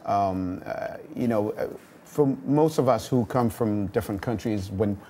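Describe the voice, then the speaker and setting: A man with a strong Congolese French accent co-hosts a talk show. His voice is mellow and warm. He talks playfully and haltingly, with many fillers. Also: fairly low pitch, a little hiss or hum. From Democratic Republic of the Congo. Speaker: co-host. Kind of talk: bilingual talk show chat.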